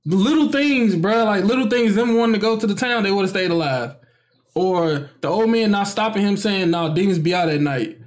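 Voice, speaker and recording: A young man co-hosting an anime reaction channel, chatting casually in slangy, excitable bursts. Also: high voice. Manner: slangy, excitable, quick asides.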